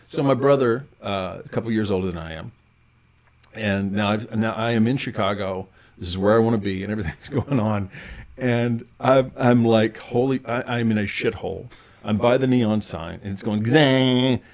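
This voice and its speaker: A middle-aged man, a podcast guest, telling lively anecdotes in casual conversation and often restarting his sentences. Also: fairly low pitch, moderate pace. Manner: animated anecdotal storyteller with frequent restarts. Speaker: podcast guest, actor and writer. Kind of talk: casual storytelling interview.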